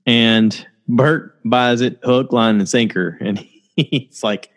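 Tired and short on energy, this man hosts a casual solo podcast, rambling through stories and laughing a lot. His mid-range voice takes things slowly.

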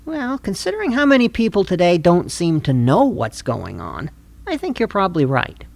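A man's voice: high-pitched, huge pitch swings, moderate pace, vocal fry. A man presenting a comedic mock news show and interviewing guests. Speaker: news anchor.

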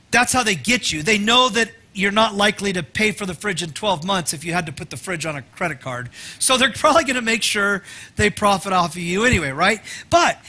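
A man preaching a sermon in a conversational style, with joking asides to the congregation and swings from loud emphasis to soft near-whispers. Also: high-pitched. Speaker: pastor.

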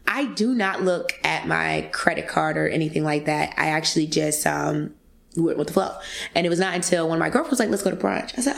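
Brief: woman in her twenties, podcast guest, casual and animated storytelling, slight vocal fry. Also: on the low side, normal speed. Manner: animated, acts out quoted voices, addresses listeners as y'all.

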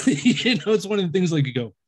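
Man, somewhat high voice, chatty skeptic spinning long, winding ghost anecdotes. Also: sing-song, brisk, breathy edge. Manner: rambling storyteller, acts out quoted dialogue; self-described skeptic and overthinker. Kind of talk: casual conversation.

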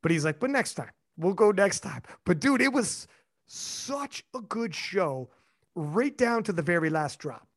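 A man's voice: high voice, unhurried. A young man hosting a casual podcast chat, telling stories with energy and swearing freely. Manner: animated storyteller, swears freely, quotes others. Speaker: podcast host.

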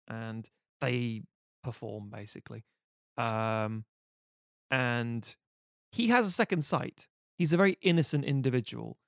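A man recaps a film in a loose, rambling way, swearing freely and joking as he goes. His voice sits in an ordinary middle pitch. The recording is close and dry. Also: a bit bright, smooth, no echo. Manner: rambling, profane and jokey. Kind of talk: casual film recap chat.

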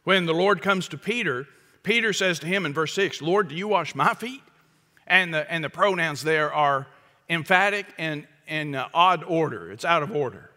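A man delivering a sermon with a bright, forceful edge and a slightly raised pitch. He preaches emphatically, slowing to stress key words. His voice rings through the long reverb of a large hall. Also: animated. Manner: emphatic, acts out quoted speech, chuckles at own jokes. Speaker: pastor.

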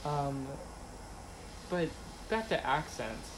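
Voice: mid-range voice, animated, drawn-out words, background noise. A young American podcast co-host chatting playfully and rambling about everyday topics. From United States. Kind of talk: casual chat.

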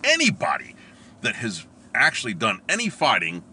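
A middle-aged man telling a story in a casual, animated way, laughing often and acting out what people said. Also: mid-range voice, normal speed, a little hiss or hum. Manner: animated, laughs often, acts out quoted lines. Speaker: storyteller recalling police academy training.

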